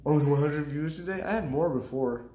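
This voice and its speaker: A man's voice: on the high side, brisk, warm tone. Chatty streamer man in an echoey room. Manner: rambling, laughs often, talks to chat. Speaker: streamer and stand-up comedian. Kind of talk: casual live-stream chat. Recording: roomy echo.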